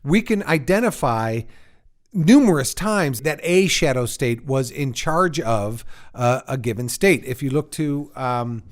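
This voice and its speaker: A man's voice: medium pitch, lively intonation, a little slow. A man co-hosting a podcast, explaining ideas step by step in a casual chat with dry humor. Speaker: podcast co-host. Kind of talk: casual conversational discussion.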